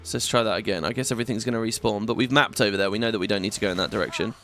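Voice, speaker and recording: A man's voice: fairly low pitch, racing, a bit bright, soft background music. A British man in his thirties chatting casually and rambling while playing a video game. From Britain. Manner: chatty, rambling, swears, many restarts. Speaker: gaming YouTuber. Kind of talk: casual gameplay commentary.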